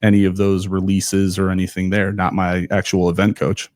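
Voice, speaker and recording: A man in his forties from Ohio, a guest on a podcast. He speaks in a relaxed, conversational way and briefly voices the people he quotes. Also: deep voice, normal speed, dry recording, studio quality. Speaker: podcast guest, former runner. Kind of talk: casual storytelling interview.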